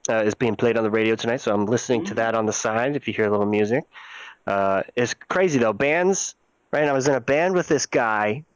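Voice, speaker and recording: A man's voice: medium pitch, clear, resonant tone, dry recording, low-quality recording. Young male comic doing video-call stand-up, mid-range voice, dry close sound, rambling and self-mocking. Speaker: stand-up comedian.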